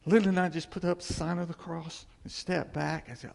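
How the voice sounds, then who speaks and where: A man's voice: a little high, steady tone, a little fast, vocal fry, hardly any pauses, long reverb tail. A man giving informal Bible teaching in a conversational way, acting out the scenes he describes and often laughing.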